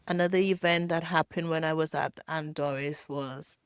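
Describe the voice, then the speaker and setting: An older woman from Jamaica telling her own painful childhood story as a halting, emotional personal testimony. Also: low-pitched, steady tone, clear, resonant tone, dry recording, clean studio sound. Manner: halting, emotional, pausing often.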